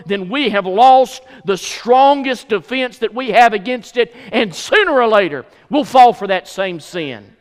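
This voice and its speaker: High-voiced preacher in a hall. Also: male voice, lively intonation, a little slow, fairly bright tone. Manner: emphatic, repeats phrases for stress. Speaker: pastor. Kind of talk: sermon. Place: church sanctuary. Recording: hall reverb.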